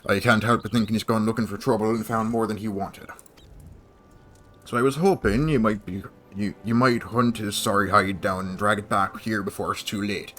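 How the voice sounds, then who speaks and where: A man voicing a gruff older male settlement elder in a game, reading in a put-on old-fashioned accent with dramatic flair. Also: on the low side, fairly even intonation, moderate pace, a bit bright, natural voice. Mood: concerned.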